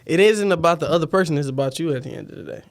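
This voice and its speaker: Young guy hosting a podcast, kinda high voice, quick, reflective and encouraging. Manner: reflective, encouraging, relaxed slang. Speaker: podcast host. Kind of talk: casual conversation.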